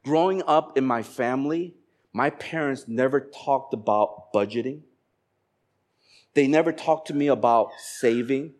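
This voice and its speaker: A man in his forties, from Korea, preaching a sermon and telling stories with animated voices for the people in them. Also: mid-range voice, unhurried. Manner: animated storytelling, acting out dialogue. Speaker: pastor.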